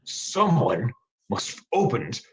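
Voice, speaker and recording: A blustering old pirate sailor, played by a man in a student stage play, all growled "arr"s. His pitch swings wildly, and his tone is bright and forceful. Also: sing-song, slow. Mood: gruff.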